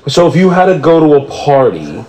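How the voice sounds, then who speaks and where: A man's voice: on the high side, big pitch swings, fairly quick, a little mellow. A man co-hosting a casual podcast chat, asking questions with hesitant, filler-heavy delivery. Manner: hesitant, lots of fillers and restarts. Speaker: podcast co-host.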